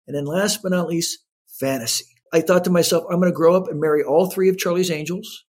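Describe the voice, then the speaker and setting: A man in his fifties with a slightly raised, husky voice tells a personal story with energy. He jumps into the voices of the people in it as he goes, shifting his delivery for each quote. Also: a little high, a little fast. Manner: animated storyteller acting out quotes. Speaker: guest. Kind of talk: storytelling in an interview.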